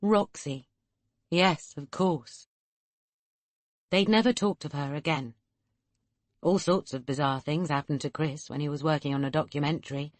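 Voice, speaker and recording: A woman reads an audiobook with a low, grounded voice and a measured, steady storytelling pace. The recording is dry and close, with no room sound around her. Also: dry recording. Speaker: audiobook narrator. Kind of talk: audiobook narration.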